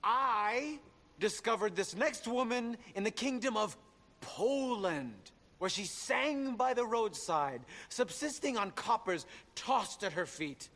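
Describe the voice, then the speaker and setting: A theatrical old-time stage announcer, swooping high and bright as he plays to the room. His grand lines ring out with a long hall reverb from a theater stage. He hams up every word with wide rises and falls. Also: lively intonation, slow pace, heavily acted. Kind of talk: game character dialogue.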